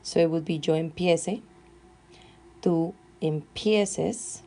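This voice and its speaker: Slow, careful woman teaching verb forms. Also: sits low, steady tone, mellow. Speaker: Spanish teacher. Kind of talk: classroom grammar lesson.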